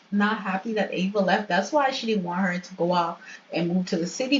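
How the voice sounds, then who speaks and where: A young woman hosting a game channel, chatting and laughing often as she tells the story to her viewers. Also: mid-range voice. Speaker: gaming channel host. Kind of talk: casual game commentary and storytelling. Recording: dull lo-fi with faint hiss.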